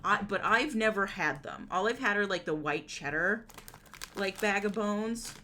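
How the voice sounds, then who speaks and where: A woman's voice: medium pitch, a little slow, sharp tone, a little hiss or hum. A woman streaming from home, chatting casually with her viewers, giggling often and rambling through lots of fillers. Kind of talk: casual live-stream chat.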